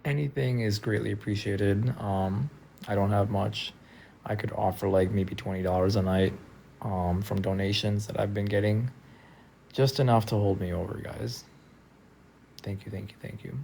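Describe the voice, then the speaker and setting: A tired man talking casually on a live stream from a friend's house, soft-spoken and trailing off with lots of fillers. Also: on the low side, steady tone, normal speed, creaky, a little hiss or hum. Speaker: livestreamer.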